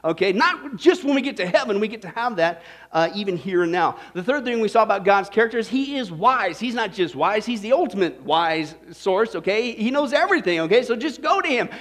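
A man's voice: sits high, animated, brisk, a bit bright. A male pastor preaching a sermon in a jokey way, talking with his audience and checking in with "right?" and "okay?".

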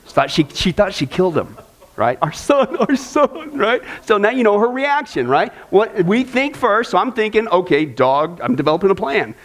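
High-voiced man teaching a Bible class. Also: moderate pace. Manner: conversational, with frequent fillers and repeated words; tells lively personal stories, acting out voices. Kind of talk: church discipleship class lecture.

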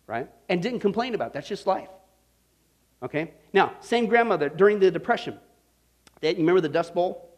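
A man from Kansas with a notably high voice delivers a Bible-study sermon through homespun stories. He talks in an animated, folksy way, keeps tossing "okay?" and "right?" to the congregation, and chuckles at his own tales. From Kansas, United States. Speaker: preacher teaching a Bible study. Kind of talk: storytelling sermon to a live audience.

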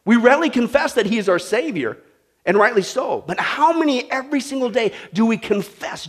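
A man preaching a sermon to a congregation, animated and asking them questions. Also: sits high, normal speed. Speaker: pastor. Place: church with a live congregation.

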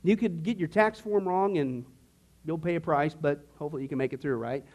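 A man with a fairly high voice teaches a church discipleship class. He talks casually, then grows emphatic and voices the doubts of skeptics to answer them. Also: fairly quick, darkish tone. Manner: emphatic, conversational, acts out skeptics' questions.

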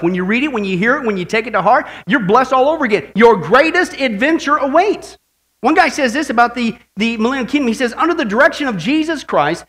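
A male pastor preaching an animated sermon that swings from quiet asides to shouted praise. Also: high-pitched, poor audio.

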